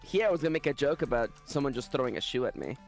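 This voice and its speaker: A man chatting casually on a livestreamed game, quick and joking, often stumbling over his words. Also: medium pitch, expressive, creaky, soft background music. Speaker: tabletop game player and co-streamer.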